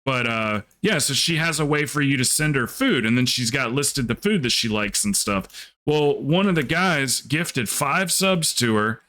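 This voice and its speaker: A young man talks casually to his stream, rambling from one detail to the next and slipping into quick voices for the people in his story. His tone is bright and forceful and sits at an everyday pitch. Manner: rambling storyteller acting out quotes. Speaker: livestreamer.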